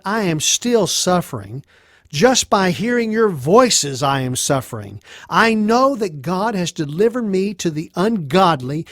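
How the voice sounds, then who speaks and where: A man's voice: a little high, dry recording, studio quality. A man voicing a suffering, despairing man who pleads his innocence, his voice rising in anguish.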